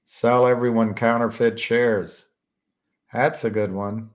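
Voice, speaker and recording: A man chatting casually as a stream host, halting often and searching for words with many fillers. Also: medium pitch, flat delivery. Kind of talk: casual rambling chat.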